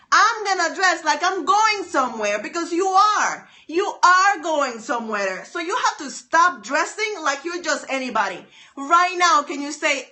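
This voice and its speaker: A woman's voice: sits high, sharp tone. A woman hosting a live phone stream, giving an emphatic, preachy motivational talk, repeating her lines and answering viewer comments.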